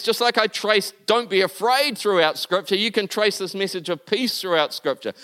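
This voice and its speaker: A man preaching a sermon in an earnest way, building to emphatic peaks and then dropping soft and low. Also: clean tone. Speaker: pastor.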